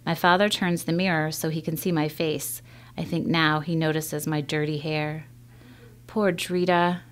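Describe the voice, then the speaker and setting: A woman reading a children's novel aloud in a measured first-person storytelling manner. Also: deep voice, little pitch movement, clear, resonant tone. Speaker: reader.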